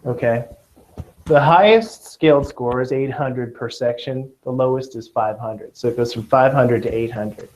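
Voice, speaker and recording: A man's voice: mid-range voice, moderate pace, darkish tone, slight background noise. A man teaching a test-prep class, joking and checking in with his students, with a Southern Californian accent. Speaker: tutor. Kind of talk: classroom lecture. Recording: dull lo-fi classroom recording.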